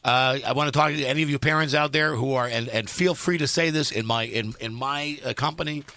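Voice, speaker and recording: A man's voice: mid-range voice, a little fast, pushed and bright, no echo. A man hosting a radio talk show, rambling wryly through his list of topics with lots of restarts. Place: radio studio. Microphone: studio microphone.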